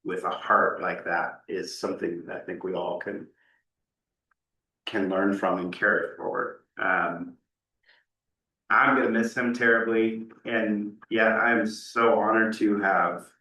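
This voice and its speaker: Slow, halting man on a school board. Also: fairly low pitch, flat delivery, bright, forceful tone. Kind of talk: spoken tribute at a board meeting. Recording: roomy sound from a distant mic.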